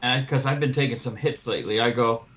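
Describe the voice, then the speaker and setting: On a laid-back podcast, a man with a mid-range voice talks a little fast over lo-fi audio. The host, a window cleaner, spins a long, profanity-laced tale about losing a cleaning client, animatedly voicing both sides of the conversation.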